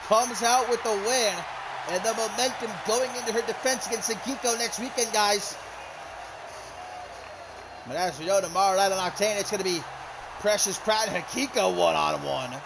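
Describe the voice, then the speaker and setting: A man calling a wrestling match play-by-play, excited and shouting out the big moves. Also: high-pitched, moderate pace, creaky, long pauses, background noise. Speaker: wrestling commentator. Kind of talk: play-by-play commentary.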